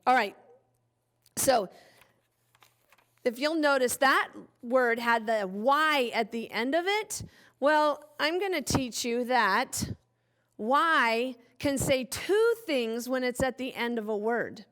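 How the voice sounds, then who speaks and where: Woman teacher doing a phonics lesson for little kids, kinda high voice, slow and playful, draws everything out. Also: expressive, fairly bright tone.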